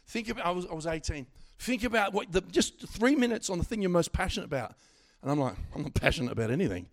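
A middle-aged man with a high voice preaches a sermon, swinging between loud exhortation and quiet asides, with stammering restarts along the way.

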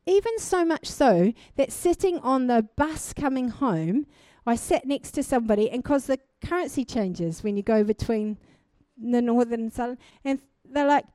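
A young woman preaching in church, her voice sitting a little high and swinging widely in pitch as she tells her testimony. She moves from storytelling into fervent calls to her listeners, and the recording is dry and close. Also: moderate pace, no echo. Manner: animated storytelling testimony, rising to fervent exhortation. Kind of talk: sermon.

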